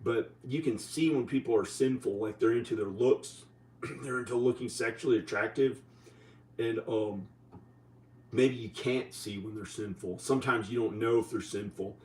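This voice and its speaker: A man vlogging in a rambling, halting way, full of restarts, sounding tired and short on sleep. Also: mid-range voice, a little mellow, reverberant, distant mic, rough recording. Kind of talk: rambling casual monologue to camera.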